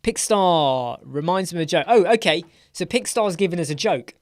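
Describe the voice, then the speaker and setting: A man's voice: sits high, lively intonation, moderate pace, dry recording. An English man hosting a casual live Q&A stream from a room at home, chatty and playful, rambling between questions. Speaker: web design live stream host.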